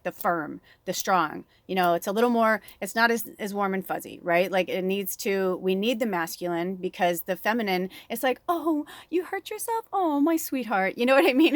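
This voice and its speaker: Middle-aged female medium, animated, frank, laughs a lot; mid pitch, dry room. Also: dry recording. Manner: candid, swears freely, laughs often, animated. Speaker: spiritual medium and oracle reader. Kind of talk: rambling personal chat.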